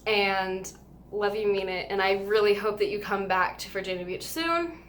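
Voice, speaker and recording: A woman pours out a story in a casual vlog, overwhelmed with joy, gushing and rambling as she goes. Her pitch sits in a middle range, and a faint hum of ambience runs behind her. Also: moderate pace, fairly bright tone. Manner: gushing and emotional, rambling with many "like" fillers. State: overwhelmed with happiness. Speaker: vlogger telling a fan story.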